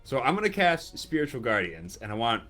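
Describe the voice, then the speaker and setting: A man chatting through his turn in a tabletop game with a lively, swooping voice. He giggles and sings sound effects, with faint music in the background. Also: medium pitch, brisk. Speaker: player. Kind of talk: casual tabletop game chat.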